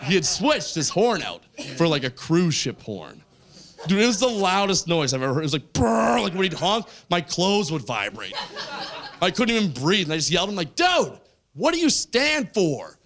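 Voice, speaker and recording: Canadian male stand-up, high and bouncy delivery, acts out the people he talks about. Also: fairly quick. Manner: animated storytelling, jumping into voices. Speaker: stand-up comedian. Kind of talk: stand-up comedy performance. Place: stage in front of a live audience.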